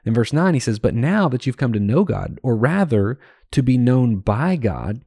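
Man, podcast Bible teacher, earnest conversational delivery, warm low-bright tone, dry recording. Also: sing-song, normal speed, dry recording. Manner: earnest, explains and paraphrases verses conversationally. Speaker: podcast host teaching scripture.

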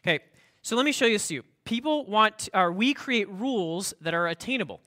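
A man's voice: high-pitched, animated, brisk, bright, forceful tone. A man preaching a sermon in a conversational way, with many fillers and restarts. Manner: mocking voice for the proud scribes. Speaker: pastor.

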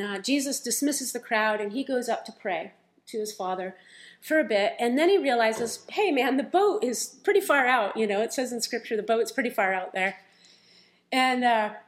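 A woman preaching a sermon, retelling scripture stories in a lively, conversational way. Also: fairly high pitch.

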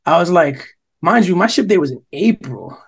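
The young co-host's pitch is fairly high and slightly rough, with a sing-song lilt and a moderate pace. On the podcast, this New Jersey man spins a long, profane tale in casual talk, quoting others along the way.

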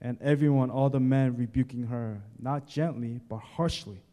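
With a warm, mid-range voice at a moderate pace, a man preaches a sermon in a church sanctuary. He talks directly to the congregation and reinforces points through repeated words and lists, with long hall reverb around him.

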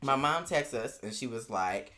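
A woman co-hosting a casual podcast chat, teasing and expressive as she tells family stories. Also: very deep voice, normal speed. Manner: expressive, teasing, laughs often. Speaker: podcast co-host.

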